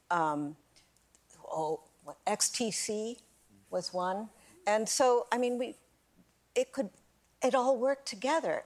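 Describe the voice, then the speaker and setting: An older woman, a band member on a talk show, reminiscing about touring in a cheerful, chatty way with laughs. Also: medium pitch. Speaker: bassist, band guest.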